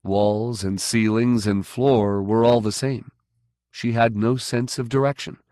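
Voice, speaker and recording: A man narrating a science fiction audiobook in a measured, even way. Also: lowish voice, dry recording, clean studio sound. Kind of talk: scripted narration.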